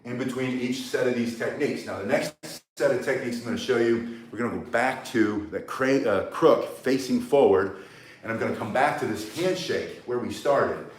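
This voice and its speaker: A man's voice: medium pitch, moderate pace. Older man, self-defense instructor, joking asides, outdoors, distant mic, echoey. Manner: blunt, rambling, joking asides. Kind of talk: live outdoor workout lesson. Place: outdoors in the sun. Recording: roomy echo, mic set at a distance.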